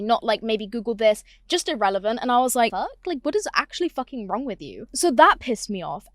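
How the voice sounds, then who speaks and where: A woman's voice: medium pitch, no room sound, clean studio sound. A young woman, telling a story on her podcast in a casual, sarcastic, sweary way. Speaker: podcast host.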